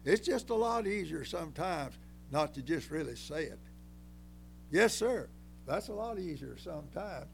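An older preacher in a high, gravelly voice. He delivers a folksy sermon in emphatic bursts, rising loud and then dropping low. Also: expressive, a little slow, slight background noise.

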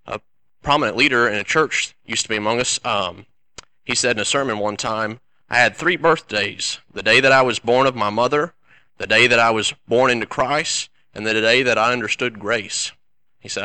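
A man, a member of a church class giving a measured, thoughtful comment. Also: fairly low pitch, pushed and bright, poor audio.

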